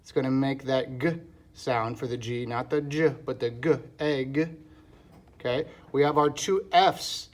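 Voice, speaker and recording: A man teaching a phonics lesson online. He sounds out words syllable by syllable and keeps checking in with "okay, guys?". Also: fairly high pitch.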